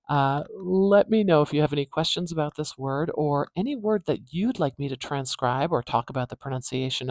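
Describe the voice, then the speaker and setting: A woman, a speech pathologist who teaches phonetics in a casual lesson and repeats words slowly to demonstrate their sounds. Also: sits low, darkish tone, no echo, studio quality.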